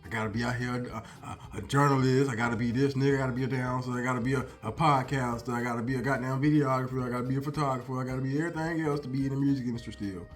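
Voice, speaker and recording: A man's voice: mid-range voice, fairly even intonation, racing, hardly any pauses, soft background music. A man in his thirties giving a profane, heated reaction commentary, swearing and laughing between points. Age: 30s. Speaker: commentary host.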